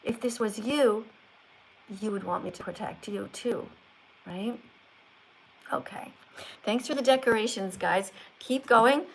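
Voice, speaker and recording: A woman's voice: medium pitch, unhurried, creaky, pauses often, rough recording. An older woman hosting a live stream, talking like a strict teacher who corrects and lectures. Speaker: livestream host.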